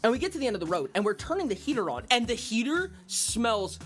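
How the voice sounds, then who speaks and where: A man telling a story in casual stream chat, animated and profane, with lots of exclamations. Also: extremely high pitch, quick pace. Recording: faint music in background.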